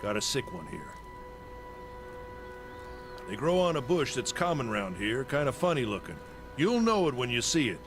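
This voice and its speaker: An actor playing a gruff male caravan master, a weathered frontier veteran who gives blunt, folksy warnings. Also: mid-range voice, very animated, moderate pace, long pauses, close to an everyday voice. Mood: practical. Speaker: caravan leader. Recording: game audio under music. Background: game music.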